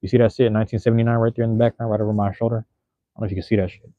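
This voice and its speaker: A man's voice: on the low side, flat delivery, very fast, warm tone, dry recording, lo-fi sound. A young man in his twenties hosting a livestream, chatting loosely with viewers in rambling, profane slang from a room at home. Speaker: livestream host. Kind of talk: casual livestream chat reading viewer comments.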